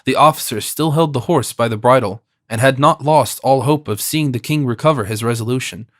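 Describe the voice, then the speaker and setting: A man narrating a classic novel as an audiobook, in a measured, expressive reading. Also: mid-range voice, dry recording, clean studio sound.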